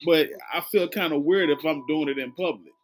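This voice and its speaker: A woman's voice: low-pitched, moderate pace. A woman with a Southern country accent, co-hosting a casual chat and acting out quoted speech in a jokey way. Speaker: podcast co-host.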